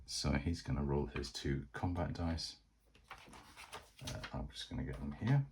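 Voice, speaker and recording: Man, low voice, chatty solo board game narrator, faint typing behind. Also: a little slow, noisy background. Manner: chatty, thinking aloud.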